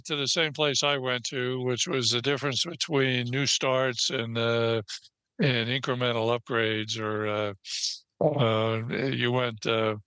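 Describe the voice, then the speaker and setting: Older male panel chair, bright gravelly voice, loose talk full of fillers. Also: medium pitch, no echo. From United States. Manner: conversational with frequent fillers. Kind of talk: panel moderation.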